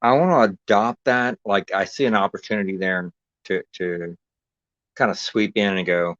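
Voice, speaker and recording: A man's voice: on the low side, steady tone, moderate pace, a bit bright, no echo. A man ranting in heated, profane casual chat as a podcast host, often stumbling and restarting his sentences. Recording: dull, dry lo-fi recording.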